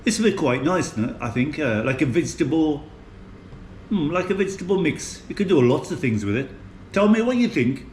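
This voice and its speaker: Older English man, light West Midlands accent, rambling casual food vlog, slightly high voice, echoey room with faint background hum. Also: sing-song, a little fast, darkish tone. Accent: English, West Midlands with a Maltese tinge. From England, West Midlands. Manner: chatty, rambling, chuckling. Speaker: food vlogger.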